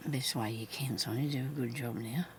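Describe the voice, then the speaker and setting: A woman who makes craft videos, chatting casually to herself while she sews and mumbling, with her voice often dropping into soft half-whispers. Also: a bass voice, fairly even intonation, quick pace, a little hiss or hum. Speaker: craft vlogger. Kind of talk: casual talk while stitching.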